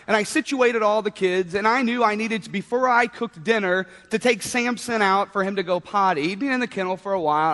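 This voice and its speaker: A man's voice: high voice, fairly bright tone. A man in his thirties preaching a sermon, telling a story with playful asides. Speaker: pastor. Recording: long hall reverb.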